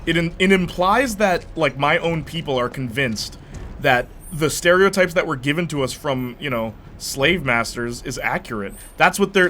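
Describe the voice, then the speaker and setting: A young man chatting casually while streaming a game, telling stories in an animated way with lots of fillers. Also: a little high, slight background noise. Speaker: gaming streamer.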